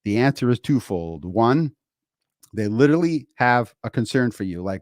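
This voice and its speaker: A man in his forties co-hosts a motivational podcast from a home studio over a remote streaming setup, speaking casually and emphatically and repeating words as he goes. His medium-pitched voice is expressive and a little mellow at a moderate pace. The sound is studio quality with no echo.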